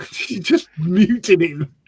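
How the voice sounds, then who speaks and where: A man bantering on a casual hobby stream, fairly high in pitch and very animated. He keeps up a run of playful teasing. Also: drawn-out words, breathy edge. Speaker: co-host on a modelling stream. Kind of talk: casual group chat on a modelling stream.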